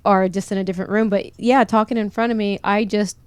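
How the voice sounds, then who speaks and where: A woman in casual podcast chat, speaking in a measured, deliberate, devout way. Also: medium pitch, fairly even intonation, darkish tone, smooth, dry recording.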